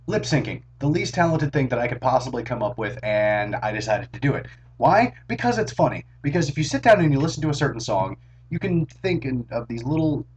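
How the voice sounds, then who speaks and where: This vlogger, a hoarse young man with a mid-range voice, talks to his camera in a loose, jokey, self-mocking ramble. It's picked up by a small camera's built-in mic, with slight background noise.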